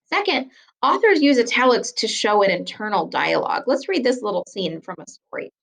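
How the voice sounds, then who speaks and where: A woman teacher giving a recorded writing lesson, explaining patiently and clearly, slowing down to stress key words. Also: fairly high pitch, very animated, a bit bright, rough recording.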